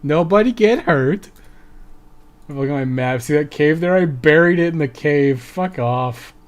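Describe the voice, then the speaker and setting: A man's voice: on the high side, moderate pace, smooth. A man streaming a video game live, reading the on-screen text aloud and swearing often.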